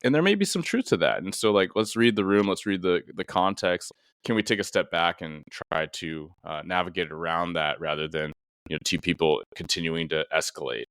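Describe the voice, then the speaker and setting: Low, smooth-voiced man hosting a talk. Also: animated, a little fast, fairly bright tone, dry recording, clean studio sound. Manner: thoughtful, rambling with many fillers. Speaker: podcast host and police officer. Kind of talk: casual interview conversation.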